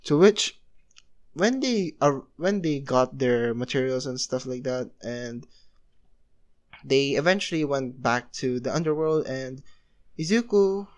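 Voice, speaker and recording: Casual: young guy telling a fan story, rambles, says essentially a lot, voice a bit high. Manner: rambling, heavy filler use.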